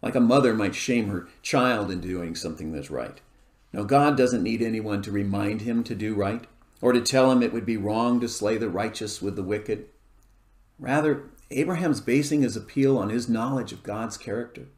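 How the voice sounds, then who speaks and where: Lowish-voiced man preaching in an echoey room. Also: darkish tone. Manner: measured, explaining scripture verse by verse. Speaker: pastor. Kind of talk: expository sermon.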